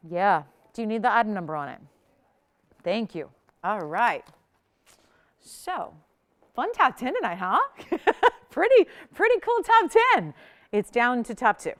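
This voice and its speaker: A woman's voice: fairly high pitch, sing-song, measured pace, pauses often. A woman hosting a live jewelry shopping show, chatty and enthusiastic, laughing often as she sells.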